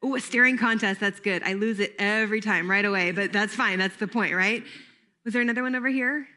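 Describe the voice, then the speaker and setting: A woman's voice: mid-range voice, brisk, pushed and bright. A woman leading a training workshop for camp staff, talking conversationally and drawing the audience in with questions.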